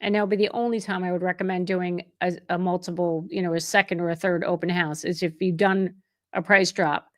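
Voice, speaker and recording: A woman's voice: on the low side, flat delivery, brisk. A middle-aged woman who is a real estate agent, hosting a livestream Q&A and answering viewer chat in a conversational way, often restarting and correcting herself mid-sentence. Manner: chatty and conversational, with frequent restarts and self-corrections; openly emotional and effusive toward viewers.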